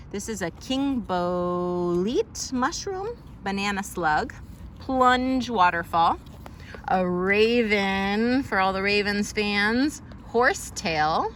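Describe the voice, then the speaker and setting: A woman teacher reads a picture book to a young child in an unhurried, even-paced voice, pausing to explain and ask questions. Her pitch sits in a middle range. A faint hiss of noise lies under the recording. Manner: gentle, explanatory, names plants and birds and asks questions; patient, answers a child's interruptions.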